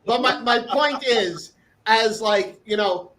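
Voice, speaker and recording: A man's voice: extremely high pitch, slow, pushed and bright, poor audio. A man co-hosting a chat show over a video call, telling a story in a rambling way with many fillers. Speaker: co-host. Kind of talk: casual chat.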